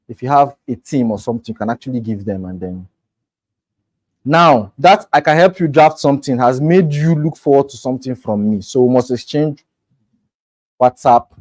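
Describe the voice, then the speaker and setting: A man's voice: mid-range voice, darkish tone, dry recording, rough recording. Man coaching on sales. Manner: conversational, acts out quoted lines. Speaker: real estate sales coach. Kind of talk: informal coaching talk.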